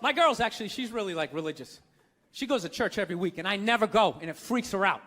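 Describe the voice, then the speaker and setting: A man doing a stand-up comedy set, ranting profanely and shouting his punchlines with incredulous disbelief. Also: sits high, expressive, fast. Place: comedy club stage with audience. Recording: live stand-up with crowd noise. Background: audience laughter.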